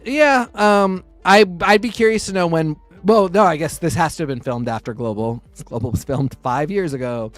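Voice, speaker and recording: A man's voice: fairly high pitch, normal speed, hardly any pauses, no echo, faint music behind. A man co-hosting a podcast in casual chat, thoughtful and hesitant with frequent restarts. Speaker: podcast co-host.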